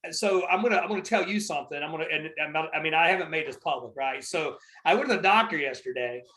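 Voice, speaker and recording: A male podcast host with a high, bright and forceful voice. He tells stories in a rambling, emphatic way, swearing freely in casual chat. His delivery pushes hard on the points he cares about. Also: fast talker, low-quality recording. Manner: profane, rambling, emphatic storytelling.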